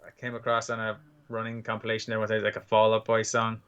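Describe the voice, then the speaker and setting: A man's voice: fairly low pitch, monotone, fast, a bit bright, clear, resonant tone, dull audio. A man co-hosting a podcast in casual banter, hesitant and sheepish with frequent laughs. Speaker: podcast co-host.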